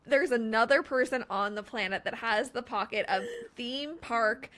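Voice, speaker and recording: A young woman from Canada, guesting on a podcast, talks with eager energy and laughs often. Her voice sits a bit higher than most women's. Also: moderate pace, fairly bright tone. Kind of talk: casual podcast chat.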